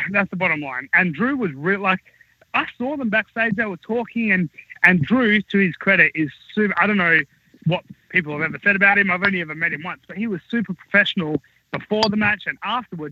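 Husky high-voiced man telling a profane story. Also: no echo, narrow, tinny audio. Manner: rambling, profane, animated anecdote-telling. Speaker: wrestling talent recounting backstage stories. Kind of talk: casual podcast storytelling.

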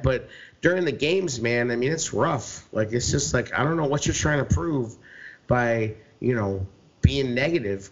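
A man co-hosting a sports podcast, ranting heatedly with lots of swearing and filler words. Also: medium pitch. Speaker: podcast co-host. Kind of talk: profane sports podcast rant. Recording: dull lo-fi podcast recording.

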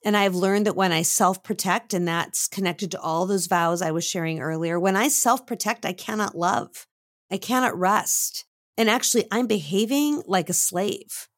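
A woman's voice: medium pitch, no echo, clean studio sound. Earnest woman giving devotional teaching. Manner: earnest, slows for emphasis. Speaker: podcast co-host.

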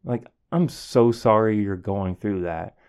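A man's voice: lowish voice, takes it slowly, a little mellow, clean tone. A man, a teacher, talking earnestly and from the heart about his classroom, with many fillers and restarts. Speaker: podcast host. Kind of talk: reflective personal monologue.

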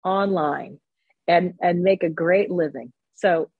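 A woman's voice: fairly low pitch, takes it slowly, husky, no echo, phone-quality sound. A woman comedian from Canada chatting as a guest in an interview, joking and sarcastic. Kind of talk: casual interview chat.

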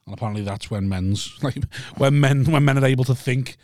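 A man chatting on a podcast, cutting in with quick questions and banter. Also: mid-range voice, darkish tone, no room sound, studio quality. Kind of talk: casual chat.

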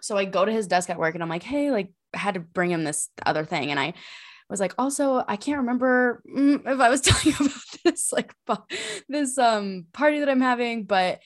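Young woman podcast co-host, rambling and animated, lots of fillers. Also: on the high side, a little fast. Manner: rambling, animated storytelling with many fillers and laughs. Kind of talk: casual chat.

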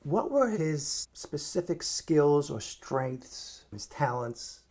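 A man's voice: a little high, sing-song, slow, darkish tone. A man interviewing someone, asking questions and reacting with frequent chuckles and short replies. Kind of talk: casual interview conversation.

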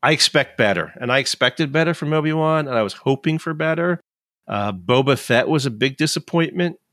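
A man's voice: medium pitch, lively intonation, a little fast, a bit bright, no echo, clean studio sound. A man in his fifties, chatting casually and ranting in frustration, swearing freely. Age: 50s. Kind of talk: casual chat.

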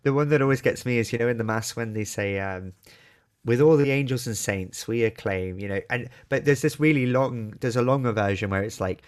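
A man co-hosting a podcast in casual chat, playful and animated, acting out quotes as he talks. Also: medium pitch, fairly quick, clean tone. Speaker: podcast co-host.

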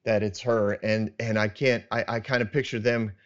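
A man hosting a casual Bible discussion podcast, earnest and halting, with many restarts and soft chuckles. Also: on the low side, little pitch movement, lo-fi sound. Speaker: podcast host.

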